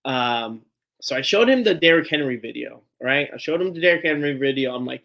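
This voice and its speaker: A man hosting a live fan stream, telling a story in a casual, animated, rambling way, swearing freely and laughing as he goes. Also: mid-range voice, fairly quick, creaky. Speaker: sports fan show host.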